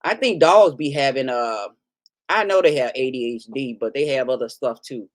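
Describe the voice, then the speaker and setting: A woman's voice: extremely low pitch, normal speed. A middle-aged woman vlogging casually while eating, joking often and breaking into laughter, recorded close in a dry room. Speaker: mukbang vlogger.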